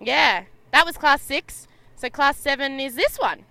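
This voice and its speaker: A woman's voice: high-pitched, unhurried, vocal fry, pushed and bright. A young Australian woman doing chatty, laughing live sailing-race commentary from a boat at sea. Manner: bubbly, laughs often, chatty.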